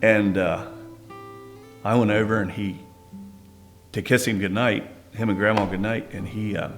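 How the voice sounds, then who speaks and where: A man telling a story about his grandfather in a relaxed, conversational way, with small restarts. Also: fairly low pitch, unhurried, soft background music. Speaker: grandson sharing a family memory. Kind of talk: interview storytelling.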